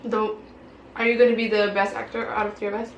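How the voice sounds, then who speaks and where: A woman's voice: mid-range voice, level tone, fast. A young woman hosting a casual chat over a meal, giggly and eating as she reads out questions. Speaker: host. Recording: echoey room with background noise.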